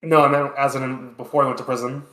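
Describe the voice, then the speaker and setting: A man's voice: mid-range voice, level tone, fast, a bit bright, slight background noise. Rambling man in a roomy space. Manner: rambling, full of "like" and "um", swears casually. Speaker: podcast co-host. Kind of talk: casual chat.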